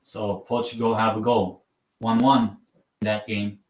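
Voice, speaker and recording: A man talks his way through a football match on a live stream at an unhurried, drawn-out pace. He mocks himself and lets his sentences fade into mumbles. His voice sits back from the microphone and rings a little in the room. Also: lowish voice, little pitch movement. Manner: rambling and self-mocking, trails off quietly. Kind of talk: casual live match watchalong commentary. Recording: roomy sound from a mic at some distance.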